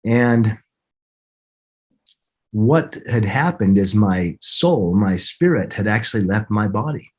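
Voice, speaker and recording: The speaker, a middle-aged podcast guest, has a husky voice that is on the low side, expressive and a little mellow. He tells a personal story earnestly, with halting pauses and lots of restarts.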